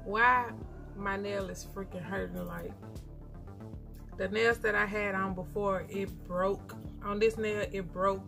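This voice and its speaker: A young woman talks casually to her viewers at home while she works on her hair. Her voice sits at a middle pitch, and she sounds frustrated, griping and sighing to the camera. Soft music plays faintly behind her. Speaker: vlogger.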